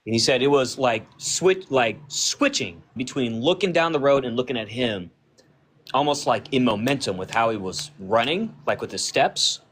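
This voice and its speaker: A man's voice: mid-range voice, lively intonation, moderate pace, fairly bright tone, breathy edge. Man casually retelling a spooky story. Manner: retells a friend's encounter, acting out quoted dialogue; loose and conversational, with frequent "like" fillers.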